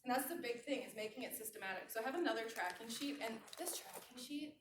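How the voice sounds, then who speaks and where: A woman in her thirties delivers a lively motivational training talk to a room of listeners. She leans on repetition and slows down for the lines she wants written down. Her handheld mic sits away from her mouth, so the voice sounds distant and roomy, with a faint hiss underneath. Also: fairly high pitch. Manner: animated, repeats key phrases slowly. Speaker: sales trainer. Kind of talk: motivational talk to a live audience. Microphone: handheld mic held away from mouth.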